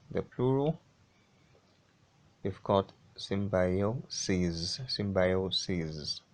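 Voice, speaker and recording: Male English teacher, low voice, very slow drilling delivery, repeats every word. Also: a bit bright. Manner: slow, repeats each word several times. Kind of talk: pronunciation lesson.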